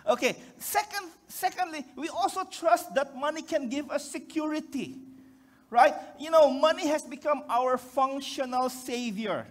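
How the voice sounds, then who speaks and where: High-voiced Filipino pastor preaching. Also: male voice, animated, a little slow. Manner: joking, keeps asking the congregation for responses. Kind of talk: conversational sermon.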